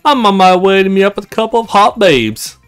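A man's voice: medium pitch, wildly swooping pitch, normal speed, a bit bright, faint music behind. A man voicing a cheery, laid-back young male stranger with a put-on folksy drawl. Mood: easygoing.

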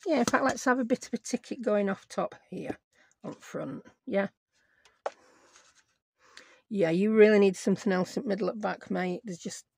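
In a medium-pitched voice that's creaky, husky, and a bit mellow, this middle-aged craft channel host rambles through her tutorial. She mutters to herself as she works and is given to self-mockery.

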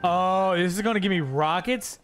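A man's voice: high-pitched, normal speed, fairly bright tone, clear, resonant tone, soft background music. A man streaming a video game live, goofing around and talking to himself and his chat. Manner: goofy, talks to himself and chat. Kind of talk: live gameplay commentary.

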